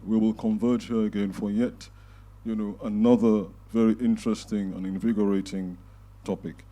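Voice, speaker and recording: Male host, dark mellow low voice, measured closing thanks with filler pauses. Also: little pitch movement. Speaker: event host. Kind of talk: closing remarks at a panel event. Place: event hall before a live audience.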